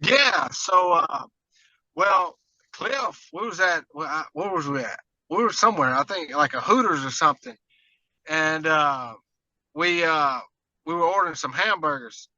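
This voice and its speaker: A man's voice: a little high, lively intonation, a little slow, pushed and bright, no echo, lo-fi sound. A man, a guest angler, telling a story in a laid-back way, chuckling as he goes.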